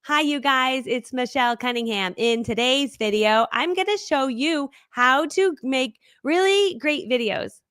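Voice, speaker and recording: A syrupy, scripted host voice, slow and airheaded, as a woman mocks it. It sits higher than a normal speaking voice and is very dry and close. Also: a bit bright, smooth, dry recording. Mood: saccharine. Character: overly sweet scripted female video host.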